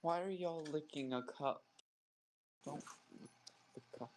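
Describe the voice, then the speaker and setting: A man's voice: a little high, a little slow, a little mellow, a little hiss or hum, poor audio. A man streaming live, chatting casually and rambling about his dogs and prices with loose, profane talk. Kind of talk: casual chat.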